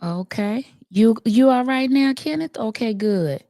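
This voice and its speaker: A woman doing an impression of a soft-spoken, gentle woman who greets live stream viewers slowly and hesitantly, with many ums and uhs. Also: a little high, dry recording, studio quality, pitched below the performer's own voice.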